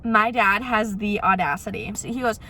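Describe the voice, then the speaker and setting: A young woman vlogging casually into her phone, telling animated stories about her dad with lots of "literally" and "like". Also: mid-range voice, normal speed. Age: young adult. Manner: animated, chatty storytelling with frequent "literally" and "like". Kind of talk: casual ranting vlog.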